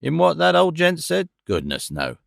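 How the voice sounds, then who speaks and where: A man's voice: on the high side, huge pitch swings, moderate pace, vocal fry, no echo, clean studio sound, voice pushed up, full character voice. A man voicing a good-natured middle-aged police inspector who talks in a blunt, homely, colloquial way. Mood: chatty.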